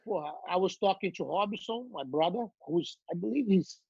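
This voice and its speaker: Brazilian guy, middle-aged, husky voice, rambling funny stories, kinda dull dry sound. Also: sits high, normal speed, no echo. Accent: Brazilian Portuguese. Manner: animated, laughing, repeats words while telling stories. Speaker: guest. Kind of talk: casual storytelling.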